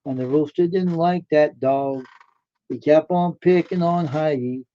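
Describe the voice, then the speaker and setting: A man hosts a casual live stream and chats with his viewers in a folksy, rambling way. His voice sits a little high for a man. The audio is dull and lo-fi. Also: unhurried, mellow. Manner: folksy, chatty, answers chat comments.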